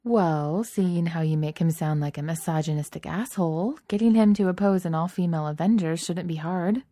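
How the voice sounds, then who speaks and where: A woman voicing a tough young heroine with a deadpan, wry way of talking. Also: on the low side, normal speed, no room sound, close to an everyday voice. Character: tough, dry-witted young woman hero.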